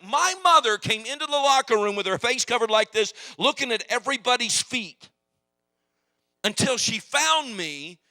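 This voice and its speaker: Forceful, emphatic male preacher. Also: very high-pitched, normal speed, no room sound. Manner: animated, emphatic, humorous storytelling. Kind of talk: sermon with personal storytelling. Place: church.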